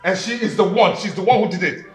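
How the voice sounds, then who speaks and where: A man with a Nigerian accent playing a grieving, furious husband who shouts and stammers with rage. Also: high-pitched, quick pace. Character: grieving furious husband accusing his wife. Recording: echoey room with film music.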